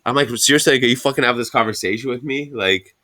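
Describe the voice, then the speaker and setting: This is a fast-talking man from Canada, medium in pitch, hosting a podcast. He rambles his way through a story in a casual, profane style, animated and swearing at every turn.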